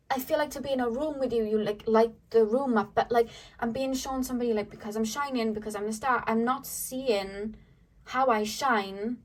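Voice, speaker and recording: A woman giving a casual tarot reading to camera, rambling and earnest, full of fillers, her voice a little distant from the mic. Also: a little high. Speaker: tarot reader.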